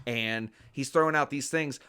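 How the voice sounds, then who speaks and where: A man with a bright, forward voice chats casually as a podcast co-host. He gets enthusiastic, retells scenes with gusto and swears without a second thought. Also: mid-range voice, normal speed, clean tone.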